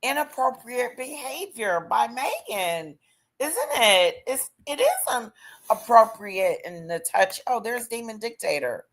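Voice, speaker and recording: A woman's voice: a little high, big pitch swings, measured pace, fairly bright tone. A woman hosting a casual livestream, chatting and greeting viewers by name. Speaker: livestream host.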